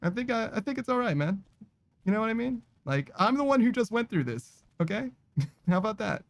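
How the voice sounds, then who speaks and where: A man's voice: high voice, big pitch swings, brisk, creaky, no echo. A man giving casual, profane, sarcastic commentary while playing a video game. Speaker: gaming streamer.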